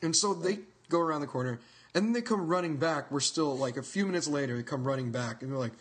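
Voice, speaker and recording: A man's voice: on the high side, quick pace, fairly bright tone. A young man co-hosting a podcast, telling a story in a rambling, laughing way and swearing freely. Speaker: podcast co-host. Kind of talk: casual chat, storytelling.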